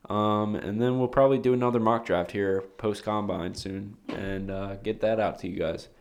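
A young man with a lowish voice co-hosts a casual sports podcast. He states his opinions bluntly and waves off his partner's ideas. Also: fairly even intonation, moderate pace. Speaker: podcast co-host.

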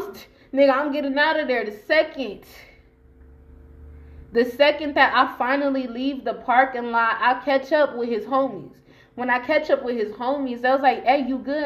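A woman telling a personal story casually on her podcast, blunt and profane, acting out the dialogue in raised voices. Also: high-pitched. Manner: blunt and profane, lots of restarts. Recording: dull lo-fi podcast audio.

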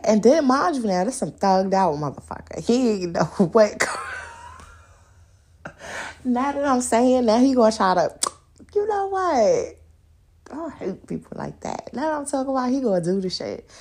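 Woman, casual podcast host, husky voice, laughs a lot, acts out quotes. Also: a little high, moderate pace, long pauses. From New York and the countryside. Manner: loud animated storytelling, laughing, acting out quotes. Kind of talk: casual solo podcast chat.

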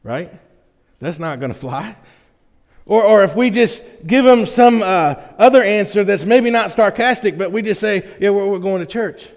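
A man's voice: sits high, lively intonation, normal speed, big-room sound. A man preaching a conversational sermon as pastor of a church, folksy and full of "right?" check-ins with his congregation. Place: church sanctuary.

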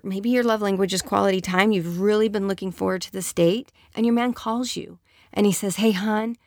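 A woman's voice: mid-range voice, no echo. A woman speaking earnestly and conversationally, giving relationship advice to other women.

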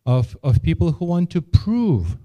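Mellow-voiced man preaching earnestly. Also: on the high side, very animated, a little slow, muffled recording. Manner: earnest, repeats words and restarts phrases. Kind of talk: sermon with a personal story.

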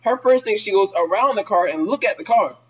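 A young man with a very high, bright voice tells a story in casual chat with friends. He swears freely and jumps into animated voices for the people in the tale. His delivery is loose and conversational. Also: fairly quick, slightly rough. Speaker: podcast co-host.

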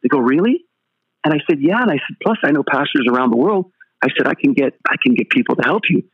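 A man's voice: mid-range voice, expressive, fast, phone-quality sound. An older man, a pastor, telling stories as an interview guest and animatedly acting out the dialogue.

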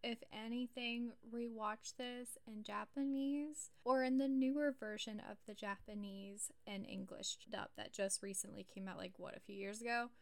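A woman's voice: on the high side, steady tone, moderate pace, creaky, few pauses. A young adult woman co-hosting a podcast in casual chat, blunt, sarcastic and emphatic. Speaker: podcast co-host.

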